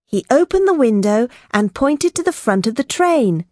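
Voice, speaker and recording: A woman narrating a child's story for an English lesson, reading slowly, clearly and expressively into a close studio mic. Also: medium pitch, sing-song, darkish tone, dry recording. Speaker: textbook audio narrator.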